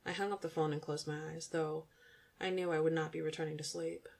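Gravelly, low-voiced woman narrating. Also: level tone, a little fast, a little mellow. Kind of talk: audiobook narration.

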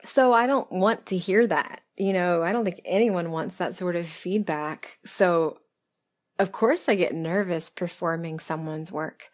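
Woman from the American South, lowish voice, a little hoarse, candid and chatty, casual Q&A monologue. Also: measured pace. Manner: chatty and candid, laughing softly, self-deprecating. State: losing her voice. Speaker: audio script writer and performer answering listener questions. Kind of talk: casual interview-style Q&A monologue.

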